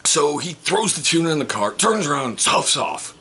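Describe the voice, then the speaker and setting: Husky-voiced man telling a rambling story. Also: a little high, sing-song, moderate pace, bright, forceful tone. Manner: rambling, self-correcting, chatty. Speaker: vlogger. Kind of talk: casual storytelling vlog.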